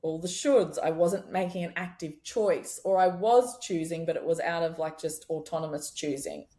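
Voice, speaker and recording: A woman's voice: fairly low pitch, normal speed, mellow. A young adult woman chiropractor, talking candidly and expressively as a guest in a casual podcast conversation, swearing freely.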